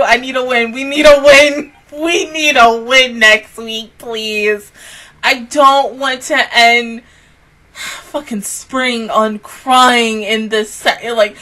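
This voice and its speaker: A young woman hosting an anime reaction video, speaking, excitable and swearing freely, swinging between loud outbursts and hushed whispers. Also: fairly high pitch, rough recording. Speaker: anime reaction channel host.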